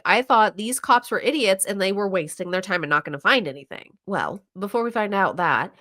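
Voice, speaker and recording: A woman hosting a podcast, casually retelling a true crime episode and acting out the quotes. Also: medium pitch. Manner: animated retelling with quoted voices and laughs. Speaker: podcast host.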